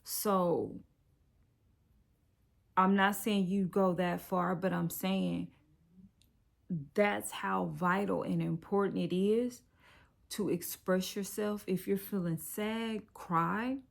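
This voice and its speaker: A woman's voice: mid-range voice, steady tone, slow, vocal fry, long pauses. A middle-aged woman, a life coach, giving an encouraging, conversational tarot reading that turns slightly preachy. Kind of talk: direct-to-camera tarot reading.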